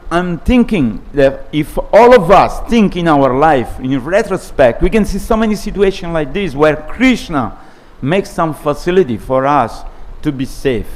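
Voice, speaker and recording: A man giving a scripture class, telling a personal story in a conversational way. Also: a little high. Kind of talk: sermon with a personal anecdote.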